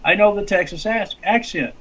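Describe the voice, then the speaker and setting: Guy running for congress, kinda high voice, storytelling with lots of restarts, dull lo-fi sound. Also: normal speed. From Arkansas. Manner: animated storytelling with many restarts. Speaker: congressional candidate. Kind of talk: casual interview talk. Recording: lo-fi dull audio.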